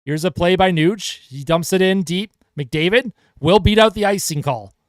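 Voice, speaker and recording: Man, fan hockey commentary, fairly high voice, dry close sound, play-by-play. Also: moderate pace, no echo. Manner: excited play-by-play, chatty asides to viewers. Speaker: fan commentator livestreaming a game.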